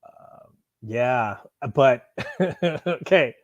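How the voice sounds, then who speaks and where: A man chatting casually on a live stream while unboxing, excitable and rambling, swearing freely. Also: mid-range voice, extremely slow, dry recording, muffled recording. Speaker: streamer unboxing and answering chat.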